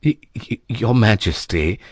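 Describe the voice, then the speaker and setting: A man's voice: lowish voice, extremely slow, breathy edge, dry recording, studio quality, exaggerated voice. A man voicing a timid male servant in a storybook reading, stammering and nervous. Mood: stuttering. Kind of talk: storybook acting.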